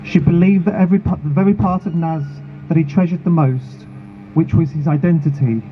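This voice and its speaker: A man, founder of a charity, giving an earnest, measured and emotional prepared speech at an outdoor protest rally. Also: on the high side, fairly even intonation, faint music behind. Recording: phone-like sound with clear street noise.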